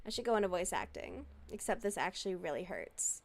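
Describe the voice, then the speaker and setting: A woman's voice: fairly low pitch, sing-song, a little fast, vocal fry. A woman talking in a casual, chatty way on a live stream, answering chat messages and swearing freely.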